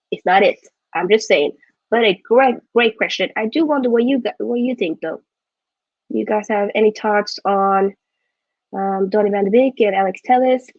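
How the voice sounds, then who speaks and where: A woman's voice: medium pitch, no echo, dull audio. A woman hosting a live football watchalong, chatting casually and rambling, often correcting herself mid-sentence. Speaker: football vlogger host.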